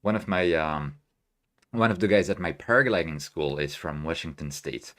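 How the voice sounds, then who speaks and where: A man's voice: rumbling low, normal speed, fairly bright tone. A man hosting a casual live stream, chatting loosely and reading viewer messages aloud from home, with lots of fillers and restarts. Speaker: astrophotography livestream host. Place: home room with equipment.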